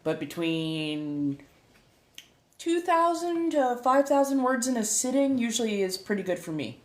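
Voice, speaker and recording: A woman's voice: on the high side, very animated, a little slow. A woman from the United States chatting casually with live viewers, rambling and laughing often, correcting herself as she goes. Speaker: streamer and tarot reader. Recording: echoey room.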